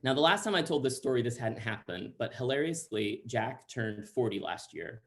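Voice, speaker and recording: A man's voice: mid-range voice, moderate pace. A man from Central Texas telling a funny personal story over a video call, chatty and full of asides. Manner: animated, chatty, many likes and asides.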